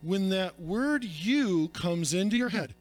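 A man's voice: sits high, normal speed, soft background music. A male pastor preaching a sermon, emphatic and repetitive, calling his listeners friends.

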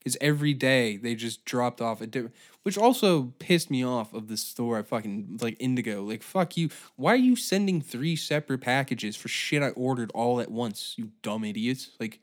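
A man's voice: medium pitch, animated, normal speed. A young man hosting a comedy podcast, ranting in an exasperated, profane way. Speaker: podcast host. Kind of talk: comedic solo rant.

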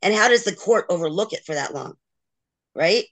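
A woman's voice: fairly low pitch, animated, normal speed. Middle-aged woman guest, candid and emotional, acts out others' words as she tells her story. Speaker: interview guest.

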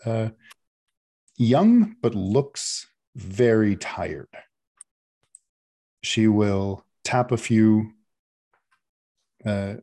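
A man's voice: lowish voice, dark tone. A man narrating a tabletop game as game master, describing scenes at length with frequent fillers.

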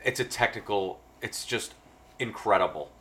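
A man's voice: fairly low pitch, moderate pace, pushed and bright. A man in casual chat, enthusiastic and teasing.

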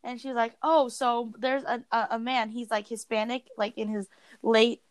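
A teenage girl co-hosting a podcast, telling stories in an animated way with sudden jumps up in pitch. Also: normal speed, clean tone, dry recording. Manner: animated, voice jumps up when excited. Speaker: podcast co-host. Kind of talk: casual storytelling chat.

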